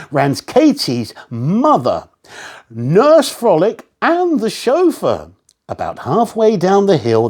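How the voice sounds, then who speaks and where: Animated male storyteller. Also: fairly high pitch. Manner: animated, expressive reading. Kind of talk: children's story narration.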